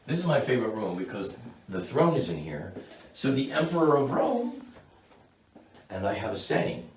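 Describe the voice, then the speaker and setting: A man giving a guided walking tour of his painted rooms, an enthusiastic and animated storyteller. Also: on the low side, normal speed, a little hiss or hum. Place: indoor building hallways and rooms. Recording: roomy echo, distant mic.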